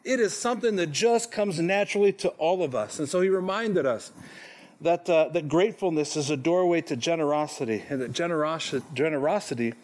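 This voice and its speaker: A pastor in his forties preaches to his congregation with a high voice and an easy, conversational delivery. He pokes fun at himself and keeps checking in with "okay?" as he talks. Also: a little fast, a little mellow. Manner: conversational, self-deprecating, frequent "okay?" check-ins. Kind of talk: sermon. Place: church sanctuary.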